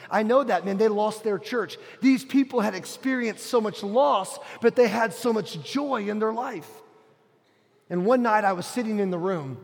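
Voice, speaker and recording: A middle-aged man preaching a sermon, telling a personal story earnestly, dropping to a hush and rising to a shout. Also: high voice, creaky. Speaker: pastor. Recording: long hall reverb.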